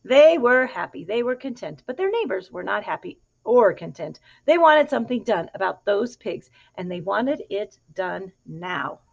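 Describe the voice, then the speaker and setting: A woman reading a picture book aloud to a child in an animated, expressive way, pausing to ask questions. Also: mid-range voice, vocal fry. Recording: dull lo-fi recording.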